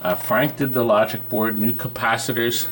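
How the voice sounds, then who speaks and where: A man's voice: mid-range voice, fairly even intonation, normal speed, a bit bright, a little hiss or hum, low-quality recording. Chatty man showing off arcade games. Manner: chatty, enthusiastic, reads aloud and jokes. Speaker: co-host of an arcade restoration show. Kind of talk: casual on-camera show and tell. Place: amusement game shop or warehouse.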